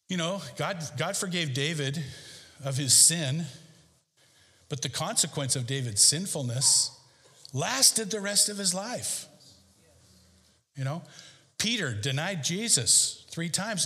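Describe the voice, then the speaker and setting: A male pastor delivering a sermon in a church, preaching emphatically with sharp rises and drops in pitch. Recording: long hall reverb.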